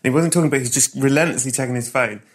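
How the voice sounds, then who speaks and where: A man's voice: medium pitch, rapid-fire. An English man hosting a podcast, chatting casually and telling his own story with frequent laughs. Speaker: podcast host. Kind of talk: casual chat, telling stories.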